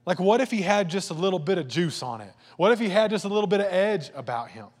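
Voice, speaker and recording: With a long reverb tail suggesting a large hall, a pastor's slightly high voice races through a fast, lively sermon. He keeps it conversational and slips into playful voices and asides.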